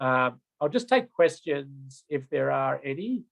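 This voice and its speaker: Gravelly man teaching a course. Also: medium pitch, sing-song, measured pace, a bit bright, poor audio. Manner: conversational, checks in with "right?" and "okay?". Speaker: road safety trainer. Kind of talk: online training lecture.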